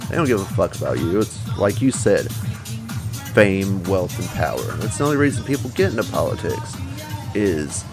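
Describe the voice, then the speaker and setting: Male streamer, low voice, lively swings in pitch, cursing a lot, music behind him. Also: moderate pace. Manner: rambling, profane, talks back to viewers. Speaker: livestreamer. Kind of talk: casual livestream chat.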